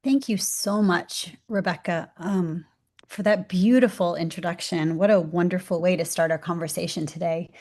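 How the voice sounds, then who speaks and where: A woman's voice: medium pitch, dark tone. A woman guest answering the host and reflecting gratefully in an interview. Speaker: guest speaker. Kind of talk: interview conversation.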